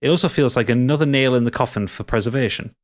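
A man's voice: medium pitch, fast. A man with a Geordie accent, co-hosting a casual podcast, reading listener messages aloud and joking along the way. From North East England. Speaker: podcast co-host.

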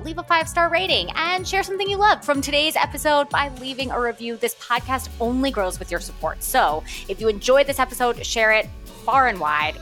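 A woman's voice: medium pitch, fairly bright tone. Upbeat woman reading a podcast outro. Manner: upbeat, promotional read. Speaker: podcast host, dietitian. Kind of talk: scripted outro.

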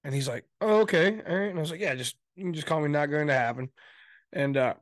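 A man's voice: fairly high pitch, fast talker, dry recording. A man co-hosting a podcast, telling stories and acting out both sides of a conversation. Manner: storytelling, joking, acts out dialogue. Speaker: podcast co-host. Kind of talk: casual chat.

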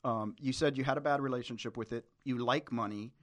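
A man's voice: medium pitch, brisk, dry recording. A man hosting a casual podcast conversation, easygoing and asking probing questions. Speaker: podcast host.

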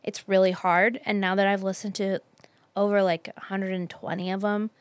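A woman's voice: medium pitch, little pitch movement, normal speed, smooth, no room sound. A woman co-hosting a casual podcast chat with friends, talking in chatty bursts that often restart mid-sentence. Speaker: podcast co-host.

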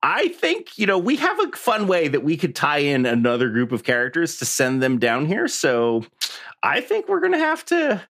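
A man running a tabletop game podcast as game master, teasing his players and narrating scenes in a slow, drawn-out way. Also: on the high side, wildly swooping pitch, a bit bright.

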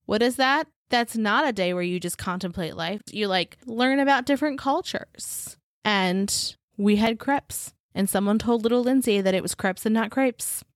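A woman's voice: medium pitch, normal speed, hardly any pauses, dry recording, clean studio sound. A woman co-hosting a casual podcast, playful and joking as she tells stories. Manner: playful, jokey storyteller. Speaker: podcast co-host. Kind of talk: casual chat.

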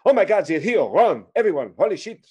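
A man's voice: high-pitched, big pitch swings, brisk, dark tone, breathy edge, pitched above the performer's own voice, heavily acted. A man putting on a smug, mocking Frenchman.

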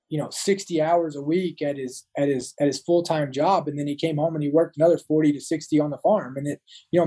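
A man's voice: a little high, dark tone, slightly rough, low-quality recording. A man in his thirties, a Marine veteran, talking as a guest in an interview, often restarting and repeating words. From United States. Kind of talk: casual interview talk.

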